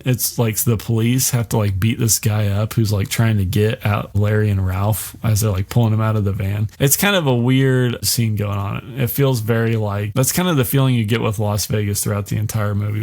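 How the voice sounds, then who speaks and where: A man's voice: fairly low pitch, a little mellow. A man hosting a podcast, casually recapping a miniseries in a loose, rambling way with lots of fillers and swearing. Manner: rambling, heavy use of "like", swears freely. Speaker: podcast host.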